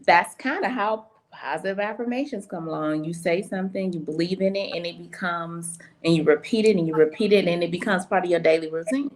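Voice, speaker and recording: Woman radio co-host, lowish voice, chatty and loose. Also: brisk, hardly any pauses. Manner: chatty, loose, many fillers. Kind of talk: casual radio chat.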